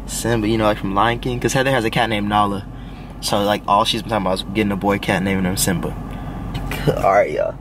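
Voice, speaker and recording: A man's voice: fairly low pitch, fairly even intonation, fast talker. A young man talks casually to his vlog camera, using lots of slang like y'all and finna. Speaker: vlogger. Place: in a car and outdoors. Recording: distant camera mic with street noise.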